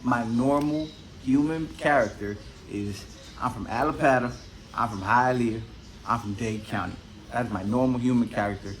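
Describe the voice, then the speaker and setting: A man's voice: mid-range voice, moderate pace, a little hiss or hum. A man hosting his own podcast, telling stories in a casual, rambling way full of swearing. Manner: profane, rambling storyteller. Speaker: podcast host. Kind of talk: casual solo monologue.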